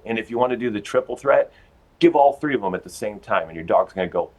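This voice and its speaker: On a TV segment with poor audio, a man from a pet store offers dog training tips in a fairly low, slightly mellow voice, speaking a little fast. As a folksy, chatty guest expert, he acts out small everyday scenes in his own voice.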